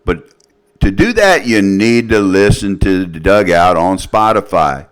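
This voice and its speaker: A man with a smooth, resonant, fairly low voice hosts a show's closing segment. He is upbeat and brisk as he congratulates a guest and urges listeners to subscribe. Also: expressive. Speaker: show host. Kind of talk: promotional outro.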